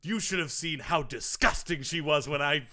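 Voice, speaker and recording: A man acting a boastful, self-important male tennis grunt coach in a comedy sketch, showing off grunt sounds. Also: normal speed. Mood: smug. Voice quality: high, bright, swooping voice with loud demonstrated grunts. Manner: pompous and self-congratulating. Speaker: sketch character.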